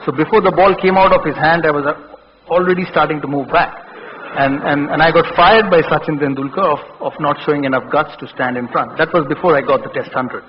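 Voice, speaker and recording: A man's voice: a little fast, slight background noise. Indian guy in his 40s, motivational speech in a big hall, earnest, keeps restarting, kinda muffled and echoey. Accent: Indian English. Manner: earnest storytelling, repeats words and restarts. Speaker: keynote speaker. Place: large hall. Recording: dull, boomy hall recording.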